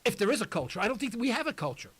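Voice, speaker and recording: Older male talk radio host in his sixties, high and bright voice, impassioned and rambling. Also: big pitch swings, rapid-fire, husky. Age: 60s. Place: radio studio.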